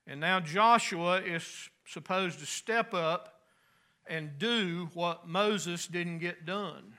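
A pastor preaching a sermon in a folksy, conversational way with homespun asides. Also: male voice, sits high, slow, sharp tone.

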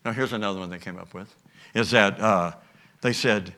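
A man preaching a sermon, telling the story with lively energy and bits of acted dialogue. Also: on the low side, normal speed. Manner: animated storytelling with acted voices. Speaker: pastor.

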